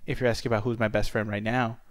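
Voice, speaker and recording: A man's voice: on the low side, little pitch movement, rapid-fire, no room sound. A man hosting a casual gaming livestream, joking with viewers and exclaiming at the game. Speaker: livestream host.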